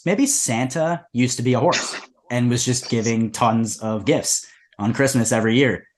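Young man riffing absurd stories deadpan. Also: mid-range voice. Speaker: podcast co-host. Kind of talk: comedic casual chat.

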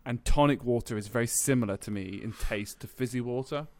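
A man's voice: medium pitch, a little fast, no room sound. A man co-hosting a podcast, chatting casually, laughing easily and often restarting his sentences. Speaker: podcast co-host. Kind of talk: casual chat.

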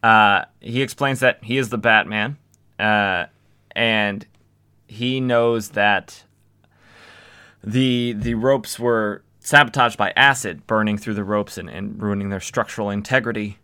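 A man's voice: on the low side, fairly even intonation, unhurried, bright, forceful tone, clear, resonant tone. A young man casually recapping old comics as a podcast host, with wry, sarcastic asides.

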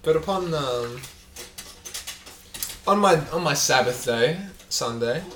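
A man co-hosting a podcast in casual chat, rambling and joking, with a loud fake laugh. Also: on the high side, expressive, slow, reverberant, a little hiss or hum. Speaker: podcast co-host.

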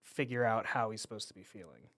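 A man co-hosting a podcast in casual chat, who acts out quotes in quick character voices. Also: on the low side, a bit bright. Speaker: podcast co-host.

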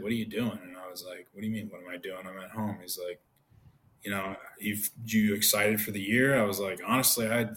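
A man's voice: lowish voice, slight background noise. A man in his thirties, a guest on a podcast, telling stories casually and acting out the lines of people he quotes. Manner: animated, acts out quoted dialogue. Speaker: podcast guest, former pro pitcher. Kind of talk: casual storytelling.

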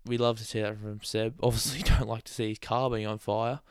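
A man's voice: fairly low pitch, level tone, a little fast, clean tone, no echo, studio quality. A man hosting a casual solo podcast, rambling and chatty, with sarcastic asides and laughs at his own jokes. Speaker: podcast host.

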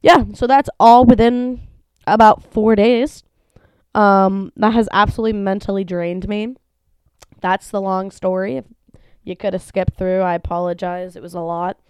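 Her voice is mid-range, clear and resonant, at a normal speed, with no room sound around it. A young adult podcast host at home, she animatedly acts out the characters in her story and swears a little. Allergies keep making her sneezy.

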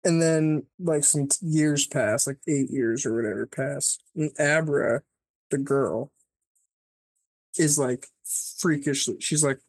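A podcast co-host casually retelling a movie plot, rambling and swearing, filling every pause with "like" and acting out the characters' lines. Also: medium pitch, breathy edge, no echo. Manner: rambling, profane, peppered with "like"; acts out characters' lines mid-story.

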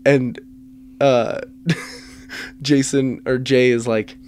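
A man's voice: mid-range voice, little pitch movement, very slow, darkish tone, a little hiss or hum. A man co-hosting a casual podcast, recapping a movie scene by scene with frequent laughter and swearing. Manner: profane, laughing, acts out lines from scenes. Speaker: podcast co-host.

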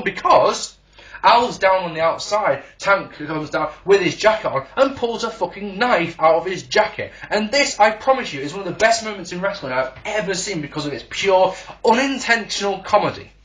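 A man's voice: sits high, fairly bright tone. Sarcastic man ranting. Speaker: wrestling reviewer. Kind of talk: sarcastic recorded show review.

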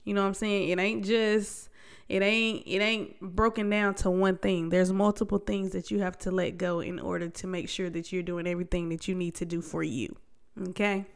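A woman's voice: lowish voice, level tone, moderate pace, clear, resonant tone. A young adult woman hosting a solo podcast, talking candidly in a slangy, conversational way with frequent restarts. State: congested. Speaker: podcast host. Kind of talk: casual solo podcast talk.

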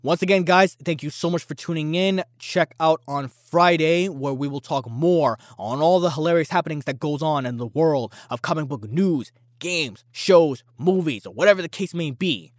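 A man's voice: fairly high pitch, moderate pace, hardly any pauses, dry recording, studio quality. A man hosting a casual opinion podcast, talking in a brash, boastful and challenging way. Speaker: podcast host.

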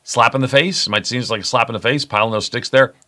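A man's voice: medium pitch, quick pace, bright, forceful tone. A middle-aged man preaching a conversational sermon as a pastor, often checking in with the congregation by asking "right?". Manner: conversational, frequent "right?" tag questions.

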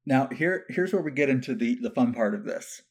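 A man speaking at an ordinary mid pitch, co-hosting a casual podcast chat. He lays out his points step by step and adds a dry, sarcastic edge. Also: lively intonation, brisk, breathy edge. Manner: explanatory, dryly sarcastic. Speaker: podcast co-host.

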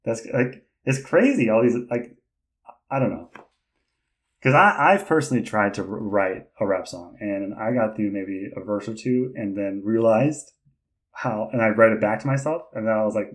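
A man hosting a podcast in casual chat, rambling and hesitant with lots of fillers and restarts, laughing often and getting excited. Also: fairly low pitch, moderate pace, rough recording. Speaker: podcast host.

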